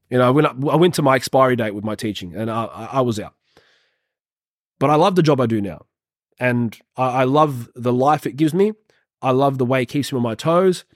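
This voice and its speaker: A man's voice: medium pitch, a little mellow, no echo, clean studio sound. A man hosting a podcast as a personal trainer, giving an earnest, rambling motivational monologue and swearing casually.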